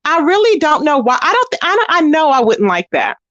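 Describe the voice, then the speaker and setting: High-voiced chatty woman, dry close mic. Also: very animated, fairly quick, fairly bright tone, no echo, muffled recording. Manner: chatty and blunt, greets viewers by name. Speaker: host of a live commentary stream. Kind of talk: casual live-stream chat.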